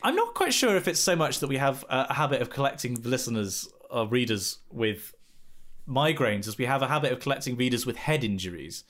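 A man's voice: mid-range voice, very animated, brisk, fairly bright tone. A man co-hosting a podcast, chatting in a wordy, playful way with wry asides. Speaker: podcast co-host. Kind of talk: casual chat.

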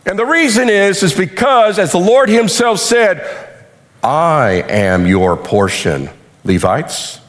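A man preaching a sermon with animated delivery, acting out quotes, while losing his voice. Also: sits high, slow. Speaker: pastor.

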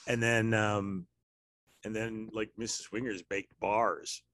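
A man's voice: on the low side, little pitch movement, takes it slowly, a bit bright, slight background noise. A man hosting a casual podcast chat with his sister, talking in a wry, rambling way with sarcastic asides. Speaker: podcast host.

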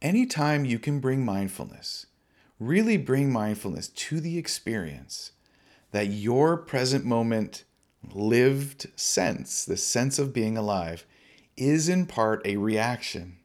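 A man giving a relaxed, conversational dharma talk on meditation, often laughing lightly at himself. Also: medium pitch, takes it slowly. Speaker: meditation teacher.

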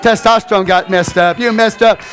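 High-voiced preacher swinging from hush to shout. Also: male voice, fairly even intonation, a little fast, faint music behind. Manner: laughs often, talks to the congregation. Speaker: pastor. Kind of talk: sermon. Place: church.

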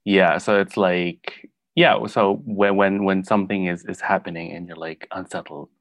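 A man's voice: deep voice, steady tone, normal speed, dry recording. A man, casually explaining phrases with frequent giggles. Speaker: guest teaching Filipino phrases. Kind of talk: casual chat.

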